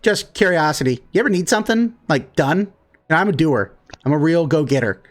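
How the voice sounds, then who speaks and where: A man's voice: on the high side, expressive, pitched above the performer's own voice, natural voice. A man doing a pushy little mechanical bear. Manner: pushy, fast salesman patter. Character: small chatty mechanical bear, a pushy deal-making go-getter.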